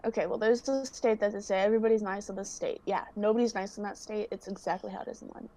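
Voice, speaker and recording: A woman's voice: medium pitch, fairly even intonation, warm tone. A young woman, a guest on a casual chat, talking in a chatty, giggly way. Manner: giggly, chatty, quick to laugh.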